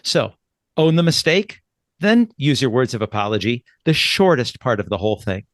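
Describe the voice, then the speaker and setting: Midwestern male podcast co-host, calm and instructive, dry close sound, voice at a middling pitch. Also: normal speed, dry recording. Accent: Upper Midwest American. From Wisconsin. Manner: calm, instructive, acts out sample phrases. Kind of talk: advice podcast discussion.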